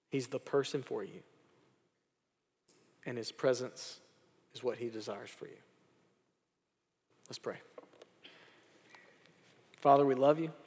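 A man preaching from the pulpit, leaning on repeated phrases and rising emphasis. His mid-pitched voice rings out with a long reverb tail, as if carried through a large hall. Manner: preaching with repetition and rising emphasis, then soft prayer. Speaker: pastor. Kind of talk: sermon.

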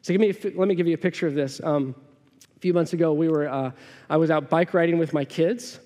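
A man's voice: fairly high pitch, quick pace, mellow. A man in his thirties preaching a sermon, conversational and storytelling, often asking the congregation questions. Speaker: pastor. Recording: long hall reverb.

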